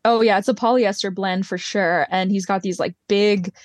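A woman's voice: medium pitch, steady tone, normal speed, no room sound. A woman co-hosting a podcast, recapping a show in casual chat and laughing often. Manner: chatty, laughs often, acts out quotes. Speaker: podcast co-host.

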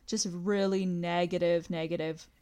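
A woman's voice: lowish voice, fairly even intonation, unhurried, warm tone. A woman hosting a podcast, casually recapping a reality show, talking with lots of "like" and quoting scenes. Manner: chatty, recounts scenes with quoted lines, frequent "like". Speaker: podcast host.

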